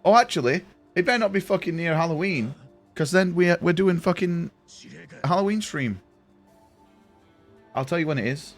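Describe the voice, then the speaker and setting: A man's voice: fairly high pitch, expressive, normal speed, soft background music. A young man chatting casually with his live-stream audience from his room, rambling and swearing freely. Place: home room.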